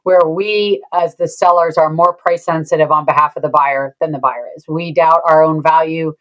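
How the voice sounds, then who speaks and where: Woman guest on a podcast, lowish voice. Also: fairly even intonation, normal speed, a bit bright, muffled recording. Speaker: sales consultant guest. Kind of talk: conversational interview.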